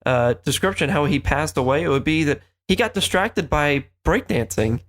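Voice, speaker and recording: A man's voice: on the high side, expressive, normal speed, a bit bright. A man co-hosting a podcast in casual film chat, rambling and losing his train of thought. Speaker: podcast co-host.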